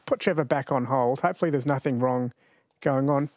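A man hosting a late-night radio quiz, chatty and quick to laugh, slowing down to read each question. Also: medium pitch, darkish tone, no room sound, studio quality. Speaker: radio host. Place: radio studio. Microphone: studio microphone.

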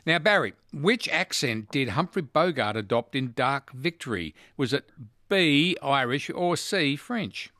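A man's voice: mid-range voice, lively intonation, a little slow, bright, forceful tone, no echo, clean studio sound. A man hosting a casual quiz chat, playful and teasing as he reads out questions and options. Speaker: quiz host.

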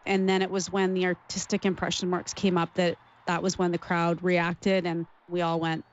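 A woman's voice: fairly low pitch, a little fast, hardly any pauses, lo-fi sound, slight background noise. Emotional Canadian woman recalling her past. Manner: animated, emotional storytelling. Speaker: interview guest, former figure skater. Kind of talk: interview recollection.

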